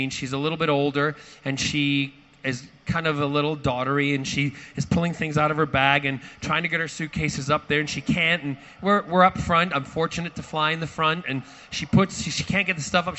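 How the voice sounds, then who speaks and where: A man telling a lively anecdote to a live audience, theatrical and acting out quoted voices. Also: on the high side, a little fast. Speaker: actor at a fan panel.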